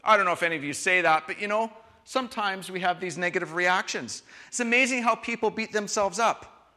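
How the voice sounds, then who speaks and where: A man preaching a sermon, switching between quiet reflective lines and loud, emphatic ones. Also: high voice, a little fast. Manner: expressive, shifts from soft to loud emphasis. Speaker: pastor. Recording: long hall reverb.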